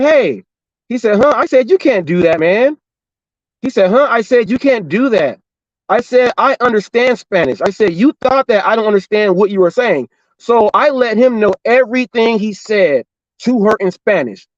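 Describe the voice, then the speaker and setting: A high-voiced man from Los Angeles and Orange County, California, a gig delivery driver and show host, tells a story in a casual monologue. He retells it animatedly and repetitively with quoted dialogue, and the recording is muffled with no room sound.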